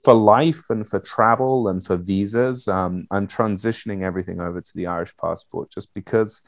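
A man in his thirties, a guest telling stories in a casual, animated way, swearing and using lots of fillers. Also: on the low side, moderate pace, no echo. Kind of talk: casual conversational storytelling.

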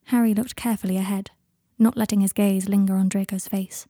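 A woman narrating a fan fiction story in a soft, low-key way that drops to whispers. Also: steady tone, brisk, no echo, studio quality. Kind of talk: audiobook reading of fan fiction.

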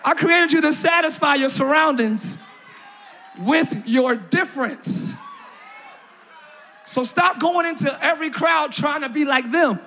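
A male pastor preaching a lively, playful sermon in a large church, often shouting to the congregation. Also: extremely high pitch, a little slow, pauses often, a faint crowd, slight background noise.

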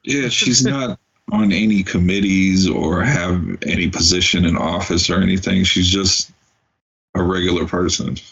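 Deep gravelly man chiming in. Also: fairly even intonation, moderate pace, fairly bright tone, lo-fi sound. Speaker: podcast co-host. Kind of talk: casual movie recap chat.

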